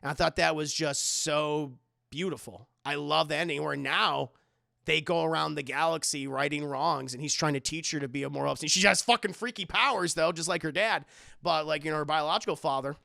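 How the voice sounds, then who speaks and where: Animated man with a gravelly high voice. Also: brisk, no echo, clean studio sound. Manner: animated, swears often, rambling with restarts. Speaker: streamer, film reviewer. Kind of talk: live-streamed film review chatting to chat.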